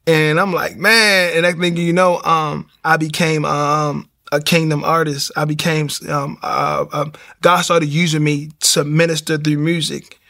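A man tells his faith story in a casual interview. His voice is gravelly and bright and sits a little high. He acts out what people said to him. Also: a little slow, few pauses. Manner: animated storytelling, acts out quotes. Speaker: guest sharing testimony.

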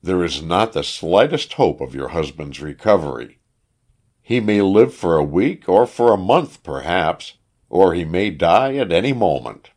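A man reading an audiobook, voicing an elderly physician who delivers news in a solemn, deliberate way. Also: low-pitched, very animated, a little mellow, heavily acted. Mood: grave. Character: grave elderly male physician.

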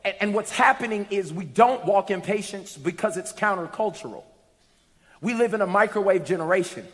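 A man preaching a sermon to a congregation, telling a story and building to shouted peaks. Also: high voice, expressive, a little fast, big-room sound. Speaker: pastor. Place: church hall with congregation.

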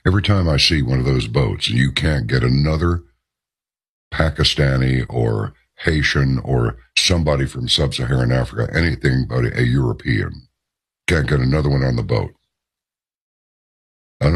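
Very deep, gravelly-voiced male radio host. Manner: emphatic, with drawn-out stressed words. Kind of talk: on-air opinion monologue.

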